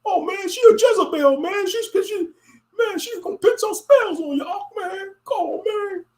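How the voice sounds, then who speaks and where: A man putting on the voice of a nagging male street-camp preacher who whines and shouts accusations. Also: very high voice, normal speed, pitched above the performer's own voice. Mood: accusing. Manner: whiny, repetitive, shouting accusations.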